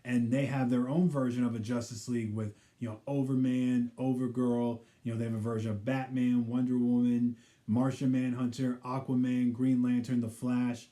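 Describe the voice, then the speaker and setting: A man with a warm, mellow, mid-pitched voice recapping a TV episode in a loose, rambling way. He keeps saying "you know" and now and then drops into the characters' quoted lines. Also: level tone, moderate pace. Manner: rambling, heavy use of "you know" fillers. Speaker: pop culture vlogger.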